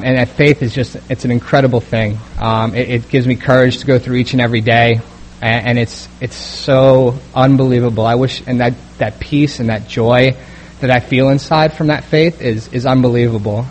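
Young man, recovery testimony, monotone delivery with lots of ums and false starts, faint hiss under the voice. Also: medium pitch. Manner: halting, many fillers and restarts. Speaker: speaker sharing a recovery story. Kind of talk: personal testimony.

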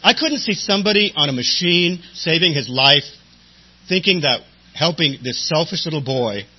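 A middle-aged man tells a humorous personal story about his recovery, wry and self-mocking, peppering it with "and, um." His voice is a little high, expressive and slightly rough at a moderate pace, on a dull lo-fi recording with faint hum.

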